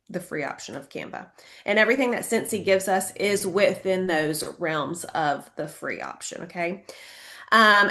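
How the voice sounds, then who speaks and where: A woman's voice: medium pitch, fairly bright tone. A woman on a video call giving casual, conversational tips to her team, with a few fillers and restarts. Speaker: team member presenting tips. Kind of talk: casual instructional talk.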